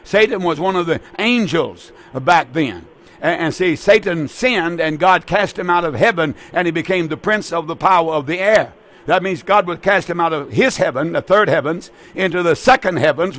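A man's voice: on the high side, normal speed, a bit bright. An older man, preaching urgently on the radio and taking calls, repeating and pleading. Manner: fervent, urgent, repetitive pleading. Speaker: radio preacher and call-in host. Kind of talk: evangelistic radio preaching with call-in.

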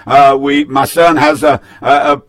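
Male pastor on air, slightly high voice, folksy, emphatic, says things twice. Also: little pitch movement, a little slow. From North Carolina, US. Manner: folksy, emphatic, repeats phrases. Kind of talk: broadcast sermon with call-in announcements.

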